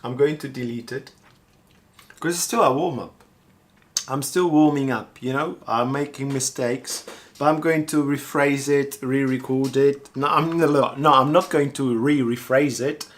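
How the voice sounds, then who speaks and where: Guy chatting slow on a live stream, talks to himself a lot, repeats stuff, middle pitch. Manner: rambling, thinks aloud, repeats words. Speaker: street artist streaming live. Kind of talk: casual live-stream chat.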